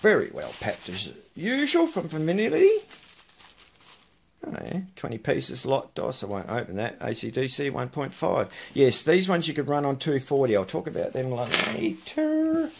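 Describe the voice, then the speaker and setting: A man's voice: mid-range voice, huge pitch swings, normal speed, vocal fry. A man chatting casually while unboxing parcels for his vlog, muttering asides to himself between remarks. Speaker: electronics hobbyist vlogger.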